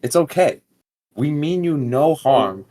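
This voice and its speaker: A man's voice: a little high, lively intonation, takes it slowly, mellow. A man playing a tabletop game, talking in a laid-back way that often repeats itself. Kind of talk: casual in-character play.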